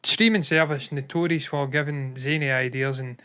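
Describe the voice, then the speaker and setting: A man's voice: mid-range voice, steady tone, moderate pace, pushed and bright, clean tone. A man co-hosting a casual movie news chat, opinionated and jokey. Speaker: co-host.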